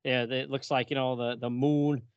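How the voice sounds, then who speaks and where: A man's voice: mid-range voice, level tone, moderate pace, clear, resonant tone, no room sound, dull audio. A man co-hosting a comic book podcast, casually walking through the pages panel by panel and chuckling as he goes. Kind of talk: casual chat.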